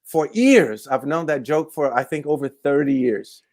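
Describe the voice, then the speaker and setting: Lively Brazilian-accented storyteller man. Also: a little high, normal speed, no room sound. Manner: lively, laughs often, repeats words. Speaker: storyteller guest. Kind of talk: animated storytelling in a chat.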